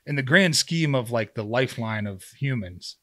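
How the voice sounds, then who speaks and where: A man's voice: medium pitch, expressive, normal speed, a bit bright. A man in his thirties, a podcast guest, telling a story in casual conversation, acting out his own quotes with lots of fillers. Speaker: guest, former pro football player turned hunter.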